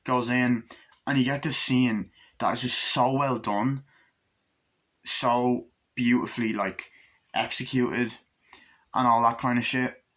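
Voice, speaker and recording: A man in casual review mode, talking at an everyday mid pitch. He is animated and loose, swears freely and keeps slipping into quick acted-out voices as he retells scenes. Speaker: movie reviewer. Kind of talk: casual spoken movie review.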